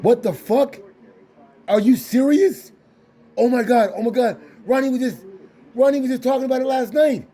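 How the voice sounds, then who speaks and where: A man's voice: very high-pitched, expressive, dark tone. A man voicing a woman in his story who exclaims over the phone, repeating herself. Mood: excited. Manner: rapid exclaiming, repeated words. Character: excited woman on the phone with family.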